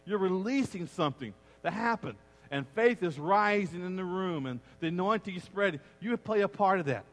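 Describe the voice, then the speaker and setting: Pastor guy preaching, middle aged, kinda high voice, big echoey church hall. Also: normal speed. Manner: animated preaching, acting out quoted voices. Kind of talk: sermon. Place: church sanctuary. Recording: long reverb of a large church hall.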